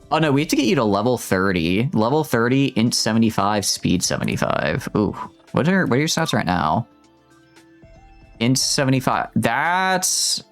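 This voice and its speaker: A man's voice: medium pitch, very animated, normal speed, soft background music. A man chatting casually while live-streaming a video game, joking and rambling with a self-mocking manner.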